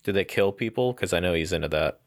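A woman's voice: rumbling low, lively intonation, fast, no echo. A woman co-hosting a podcast in casual chat, dropping in short, dry questions and remarks. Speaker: podcast co-host.

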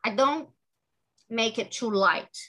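A woman author talking earnestly as an interview guest, halting and restarting her sentences often. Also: on the high side, sharp tone, rough recording. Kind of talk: podcast interview conversation.

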